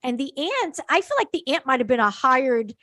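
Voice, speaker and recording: A woman co-hosting a casual talk show, chatty and quick to agree, retelling scenes and quoting people. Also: high voice, big pitch swings, fairly bright tone, no room sound, clean studio sound. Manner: chatty, agrees often, quotes people with voices. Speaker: podcast co-host. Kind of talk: casual chat recapping a reality show.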